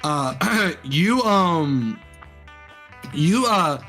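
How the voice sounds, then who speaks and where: A man's voice: fairly high pitch, animated, drawn-out words, bright, forceful tone, faint music behind. A man running a tabletop game as game master, narrating loosely with lots of fillers and restarts.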